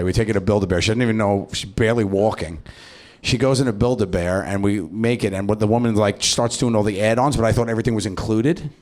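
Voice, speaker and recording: A man doing improvised stand-up, animated and swearing, often laughing and acting out voices. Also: on the low side. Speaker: stand-up comedian. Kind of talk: improvised stand-up crowd work. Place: comedy club stage.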